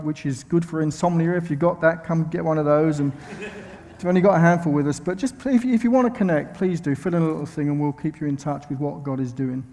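A man's voice: a little high, darkish tone, big-room sound. A man with a London accent preaching a sermon as a visiting speaker, chatty and self-mocking, with many ums and restarts. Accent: English, London. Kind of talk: sermon with friendly asides. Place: church sanctuary.

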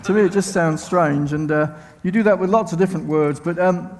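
A man's voice: sits high, a little fast, in a large hall. A man with a London accent preaching a sermon as a visiting speaker, chatty and self-mocking, with many ums and restarts. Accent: English, London. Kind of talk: sermon with friendly asides. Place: church sanctuary.

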